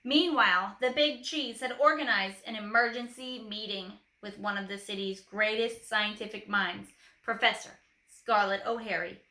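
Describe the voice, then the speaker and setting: Bright woman reading a storybook aloud. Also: medium pitch, moderate pace. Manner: lively, with playful asides. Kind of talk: reading a picture book aloud. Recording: echoey room.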